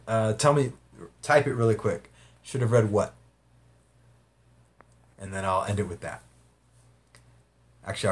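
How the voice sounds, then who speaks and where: A man's voice: low-pitched, a little mellow. Rambling, profane man on a livestream. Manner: rambling, profane, laughs often. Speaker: livestream host reading viewer comments. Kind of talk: casual livestream chat.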